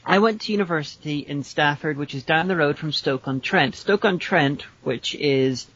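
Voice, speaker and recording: An English man chats on a podcast with a slightly raised pitch, hesitating with ums and pausing for effect. The sound is dry and a little dull. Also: a bit bright, no echo. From England. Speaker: podcast co-host. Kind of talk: casual chat. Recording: dry, somewhat dull lo-fi audio.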